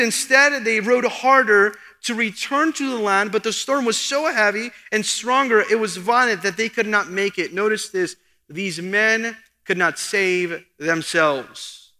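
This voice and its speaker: A man's voice: high-pitched, moderate pace, sharp tone. A man preaching an expository sermon as pastor, earnest and rising for emphasis. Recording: long hall reverb.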